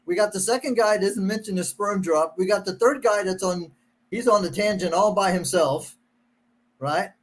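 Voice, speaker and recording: Middle-aged male host, high-pitched, sarcastic casual reader. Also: moderate pace. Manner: sarcastic, mocking. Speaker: show host. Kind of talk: casual chat, reading verses aloud.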